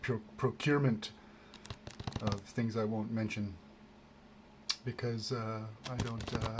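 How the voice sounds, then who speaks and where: A man rambles through an unboxing in a loose, self-deprecating way, full of ums and restarts. His voice sits at an ordinary middle pitch. A faint hiss hangs under the home recording. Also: fairly even intonation, a little slow, pauses often. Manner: self-deprecating, meandering, many fillers and restarts. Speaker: vlogger.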